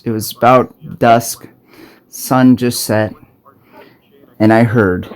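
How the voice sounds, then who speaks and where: Speaking slowly with long pauses and fairly even intonation, this mid-range-voiced Arizona man films himself on his smartphone as a self-made video preacher. He delivers an impassioned, profane spiritual warning, stumbling and restarting frequently.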